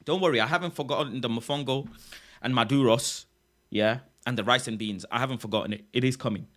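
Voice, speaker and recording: A young man hosting a casual livestream chat, excitable and repeating himself, often ending phrases with "bro". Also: mid-range voice, fast talker. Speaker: livestream host.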